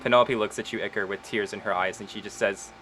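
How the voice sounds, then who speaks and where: A man calmly narrating a tabletop role-playing game as game master. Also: fairly low pitch, fast talker, faint music behind. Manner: calm, steady narration in second person.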